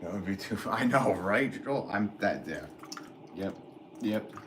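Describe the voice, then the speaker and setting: Low-voiced American man chatting on a livestream. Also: unhurried, noisy background. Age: 40s. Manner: rambling, relaxed, filler-heavy talk with laughs. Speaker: potter streaming live. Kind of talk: casual livestream chat reading comments.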